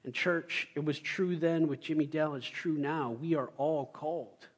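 A young adult male pastor giving a sermon, telling stories with loud excited bursts and quiet asides. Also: on the high side, moderate pace, husky.

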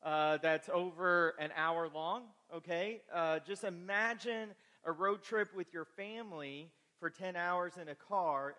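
A high, bright male voice preaches from the pulpit, mixing folksy jokes with earnest encouragement. His words ring out in a long, echoing church hall. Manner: folksy, joking asides to the congregation. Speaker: pastor. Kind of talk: sermon with announcements. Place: church sanctuary.

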